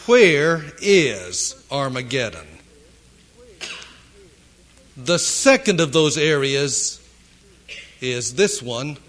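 A man preaching a sermon in a slow, deliberate, emphatic way, pausing for dramatic effect. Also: a little high, a bit bright.

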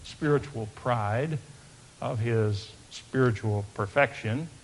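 A male pastor preaching a sermon, swinging from loud emphatic declarations down to hushed, quiet asides. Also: medium pitch, slow pace, a little hiss or hum.

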